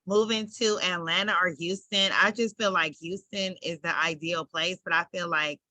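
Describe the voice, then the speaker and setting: A woman hosts a mentorship session over a video call. Her voice is lowish yet bright and forceful. It sounds dry and close, and she laughs often and cheers her guest on. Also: fairly even intonation, moderate pace, no room sound. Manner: enthusiastic, laughs often, repeats "love it". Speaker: host of the mentorship program. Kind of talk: casual chat with guest.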